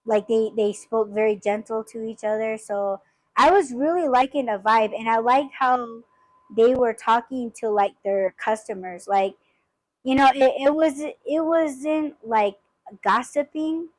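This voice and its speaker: A woman's voice: on the high side, unhurried, no room sound, low-quality recording. A woman hosting a podcast, telling a story in casual chat, swearing freely and rambling with lots of fillers. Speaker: podcast host.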